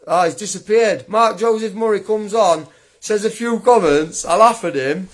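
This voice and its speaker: A young man with a high-pitched voice, ranting on a livestream. He taunts and mocks his critic in a combative, scornful tone, breaking into laughter as he goes. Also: moderate pace. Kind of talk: angry livestream rant.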